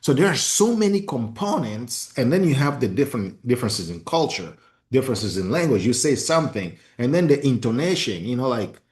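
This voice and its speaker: A man whose first language is not English, hosting a podcast interview in a passionate, expressive way with many restarts. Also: medium pitch, fairly quick. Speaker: podcast host. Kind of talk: casual interview conversation.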